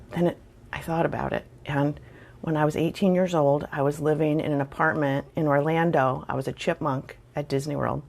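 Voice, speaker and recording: A middle-aged woman telling a funny personal story in a casual, wry, self-deprecating way, with chatty fillers. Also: deep voice. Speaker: storyteller vlogger.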